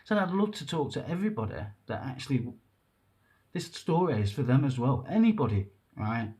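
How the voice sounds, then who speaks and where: Man, vlogger, mellow warm tone; earnest, rambling, halting delivery. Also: mid-range voice, big pitch swings. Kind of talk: emotional personal monologue to camera.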